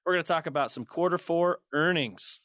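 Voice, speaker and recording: A man's voice: fairly quick, a bit bright, no echo, studio quality. A young man hosting a casual tech podcast, joking and laughing often between points. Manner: jokey, laughs often, goofy high squeals. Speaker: podcast host.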